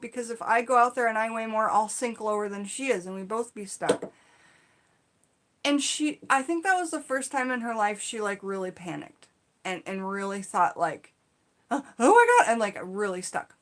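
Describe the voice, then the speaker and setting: A woman spins a personal story in a casual, animated way, leaning on "like" and "you know". Her voice sits a little high and rings bright and clear. She talks like a friend recounting a wild day. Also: normal speed. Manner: animated, chatty, acts out her own shouts in the retelling; frequent fillers like "like" and "you know". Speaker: storytelling channel host.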